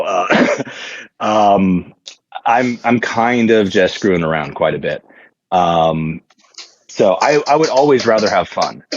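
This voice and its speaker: A man's voice: low voice, dry recording, highs cut off. A man telling a story in casual chat, rambling and joking with lots of fillers and restarts. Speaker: podcast guest, tabletop wargame player.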